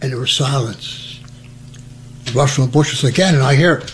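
An older man from New Jersey, telling his wartime memories as a lively storyteller who acts out the voices. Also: medium pitch, a little fast, a little hiss or hum. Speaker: veteran recounting memories. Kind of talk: oral history storytelling.

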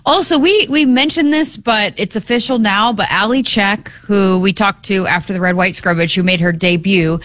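A woman co-hosting a sports radio show in casual chat, upbeat and quick to laugh. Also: medium pitch, fairly bright tone, no echo.

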